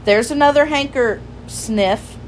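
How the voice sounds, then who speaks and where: A woman's voice: high-pitched, slow pace, slight background noise, voice pushed up, poor audio. A woman reading a storybook aloud and voicing a curious, polite young girl with an eager manner.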